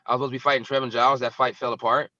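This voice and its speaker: A young man talking fast and bluntly, rambling with plenty of fillers. His voice is bright and forceful, and the dry, dull call audio adds a lo-fi edge. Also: mid-range voice, level tone, dry recording. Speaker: guest fighter. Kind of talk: casual interview talk.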